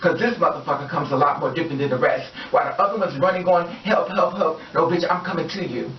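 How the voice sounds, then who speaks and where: A woman's voice: low voice, quick pace, slight background noise. A woman vlogger ranting in a heated, profane and emphatic way. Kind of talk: personal vlog rant. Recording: echoey, distant, dull-sounding room recording.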